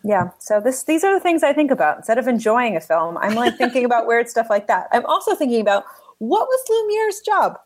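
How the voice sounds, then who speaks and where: A woman's voice: a little high, animated, quick pace, hardly any pauses, no echo. A woman co-hosting a casual podcast chat, talking with lots of "like" fillers and giggly asides. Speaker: podcast co-host.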